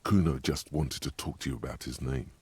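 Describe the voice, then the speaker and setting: A man's voice: extremely low pitch, fairly quick, a little mellow, husky, dry recording, exaggerated voice. An actor voicing a grave, ominous male inner voice that guides a detective through a video game. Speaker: game narrator.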